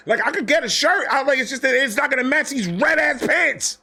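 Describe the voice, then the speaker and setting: A young man telling a casual, comedic story, animated, acting out quotes with slang and swearing. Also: very high voice, fairly quick. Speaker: storyteller host.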